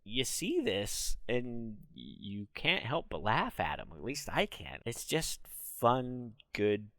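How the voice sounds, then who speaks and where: Man, low and gravelly, casual rambling streamer, dry close sound. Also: wildly swooping pitch, takes it slowly, no echo. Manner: rambling, bursts into loud demonstration laughs. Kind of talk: casual solo talk on a livestream.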